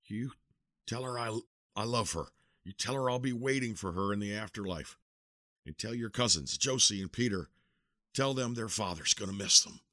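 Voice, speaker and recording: A man voicing an aging one-armed commander who is dying, with a weak, croaking, wheezing voice that keeps fading. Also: fairly low pitch, normal speed, pushed and bright, no room sound, studio quality. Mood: pleading. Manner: feeble, fading, pleading. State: gasping in pain.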